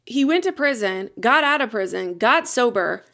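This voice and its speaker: A woman's voice: on the high side, animated, normal speed, vocal fry, fairly bright tone. A woman in her thirties hosting a casual motivational podcast, speaking with passion and repeating phrases for emphasis. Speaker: podcast host.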